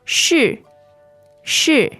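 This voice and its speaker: Slow, animated woman. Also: faint music behind. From China. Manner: slow, clear modelling of words, quick laughing asides. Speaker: podcast co-host and native Mandarin speaker. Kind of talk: casual language lesson.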